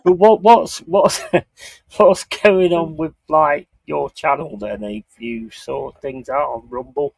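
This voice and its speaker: A Bristol-accented Englishman hosts a live stream from his home setup, chatting with a guest and reading out chat comments in a joking, laid-back way. His fairly high voice has lively intonation, a slow pace, vocal fry, a darkish tone and a breathy edge, and the audio is poor.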